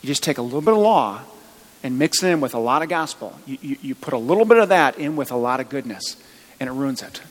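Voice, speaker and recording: A man's voice: medium pitch, expressive, fast talker, big-room sound, low-quality recording. A man preaching a sermon as pastor, chatty, with joking asides. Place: church.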